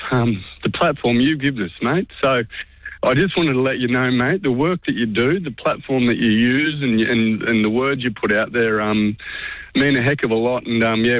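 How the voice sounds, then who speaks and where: An Australian man from Queensland calling in to a radio show. His voice comes through a tinny, narrow phone line with a dry sound. He talks warmly and with feeling, dropping "mate" into nearly every line. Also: medium pitch, no room sound. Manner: warm, emotional, says "mate" constantly. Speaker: caller. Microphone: telephone.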